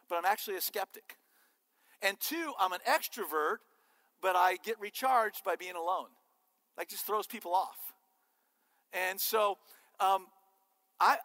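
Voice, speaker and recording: A man preaching a sermon as pastor, animated and joking with his listeners. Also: high-pitched, big-room sound. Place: church sanctuary.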